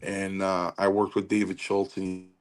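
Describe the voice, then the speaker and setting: A man's voice: low-pitched, a little slow. A man in his sixties, a retired pro wrestler and guest, telling stories casually and acting out the quotes with lots of fillers. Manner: animated, acts out quotes, many fillers. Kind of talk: casual storytelling.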